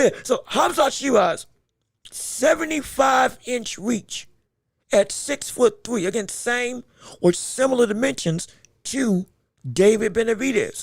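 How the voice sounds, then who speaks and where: A man hosting a podcast, in an animated, exaggerated sports rant that swings between playful fury and laughter, often stumbling over his words. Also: sits high, vocal fry, no echo, studio quality. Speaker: podcast host.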